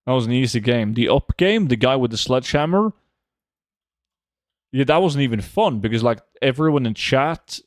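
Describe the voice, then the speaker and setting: A relaxed man, chatting on a game livestream in a middle-of-the-range voice. He talks loosely, full of little fillers. The sound is dry and close, with no room around it. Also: medium pitch, no echo. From Norway. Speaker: game streamer. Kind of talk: casual livestream chat, reading chat aloud.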